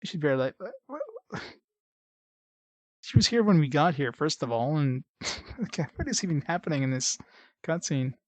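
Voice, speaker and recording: A man talks over his game as he plays, in a loose, unscripted way. His voice sits a little high for a man, and he makes dry, sarcastic asides, padded with fillers. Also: animated, normal speed, long pauses, dry recording. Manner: wry and sarcastic, with frequent fillers. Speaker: let's play host. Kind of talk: casual game commentary.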